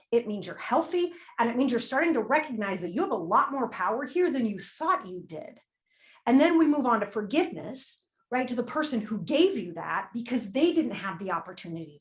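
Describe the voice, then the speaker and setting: A woman's voice: a little high, very animated, normal speed. A woman leading a money-mindset workshop, candid and emphatic, swearing casually and repeating a prompting question. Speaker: workshop leader. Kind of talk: motivational workshop talk.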